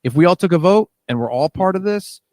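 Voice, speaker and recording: A man, a musician and director, telling lively stories in a casual interview and acting out what people said. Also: high-pitched, quick pace, no echo, studio quality. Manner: animated storyteller, acts out quoted dialogue.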